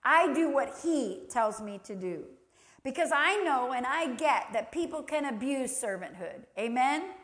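A woman's voice: high-pitched, expressive, unhurried, fairly bright tone. A woman preaching a sermon who acts out little quoted voices and laughs easily.

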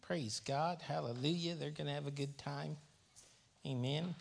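A male pastor with a somewhat high, gravelly voice leads a church service, reads scripture and affirms the room with frequent amens. His voice carries a long reverb from a church sanctuary. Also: unhurried, a little hiss or hum.

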